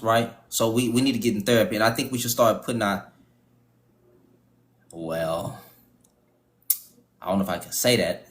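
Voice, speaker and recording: A man hosting a live panel stream, ranting profanely with restarts, stutters and laughter. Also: lowish voice. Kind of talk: casual live-stream talk.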